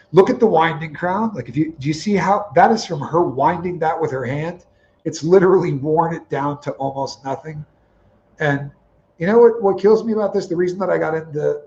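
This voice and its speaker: A livestream co-host with a fairly high voice tells stories in a casual chat, animatedly acting out the quoted dialogue. The recording sounds muffled.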